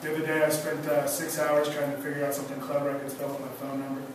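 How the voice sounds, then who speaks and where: High-voiced stand-up comic in an echoey club. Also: male voice, quick pace. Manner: deadpan one-liners with self-mocking asides. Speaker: stand-up comedian. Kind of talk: stand-up comedy set. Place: comedy club stage. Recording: echoey club room from far off, noisy.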